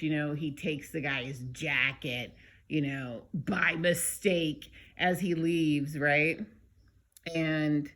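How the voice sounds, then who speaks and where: Woman vlogger, unhurried casual recap, chatty and wry. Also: low-pitched. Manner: animated, chatty, with many fillers and side comments.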